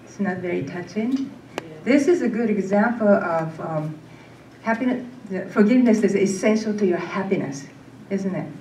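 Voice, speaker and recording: A woman's voice: mid-range voice, animated, normal speed, dark tone. A woman leading a workshop lecture in a temple hall, talking conversationally and putting questions to her audience. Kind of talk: casual lecture. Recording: echoey hall, distant mic, faint noise.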